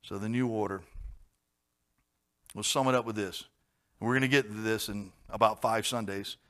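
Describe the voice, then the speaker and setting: Male pastor, sermon delivery, dynamic: big loud peaks, hushed asides. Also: fairly low pitch, moderate pace. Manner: lively preaching, swings from loud exclamations to quiet asides.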